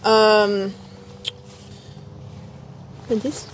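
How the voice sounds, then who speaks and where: A woman's voice: medium pitch, unhurried, long pauses, a little hiss or hum. Chatty woman streaming from her phone. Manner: chatty, rambling, talks to her dog and chat. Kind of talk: casual live-stream chat. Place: home, outdoors by a grill.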